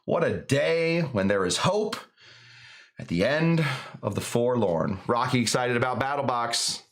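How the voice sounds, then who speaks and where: A man's voice: mid-range voice, lively intonation, unhurried. Man, live-stream host, casual chat, rambling, jokey, mid-range voice. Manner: rambling, filler-heavy, jokey. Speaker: host of a live cocktail show.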